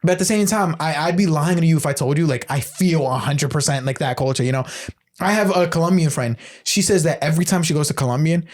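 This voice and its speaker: A man's voice: fairly high pitch, fast talker. A young American man chatting casually on a podcast, swearing freely and telling stories with lots of "like" and "you know". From United States. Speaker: podcast co-host. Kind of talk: casual chat.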